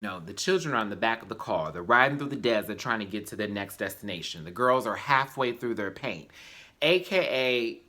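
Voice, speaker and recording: A young man casually reviewing a show on his channel, chatty and slangy, tired and late at night, often jumping to high exclamations. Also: animated, a little fast, sharp tone. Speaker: YouTube reviewer.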